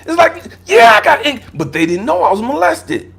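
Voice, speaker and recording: An American man in his fifties, a life coach giving a personal testimony talk, emphatic and profane, swinging from raised outbursts to low murmurs. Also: huge pitch swings, fast talker, gravelly, fairly bright tone, husky. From United States. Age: 50s.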